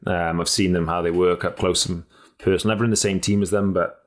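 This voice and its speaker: Deep-voiced blunt man in casual chat. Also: quick pace. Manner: blunt, energetic, swears freely, frequent restarts. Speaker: podcast co-host and cycling pundit.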